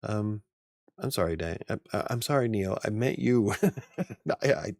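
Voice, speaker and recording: A man's voice: on the low side, normal speed, gravelly, a little mellow, no echo, clean studio sound. A man hosting a casual livestream chat, rambling, joking at his own expense and laughing often. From United States. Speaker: livestream host.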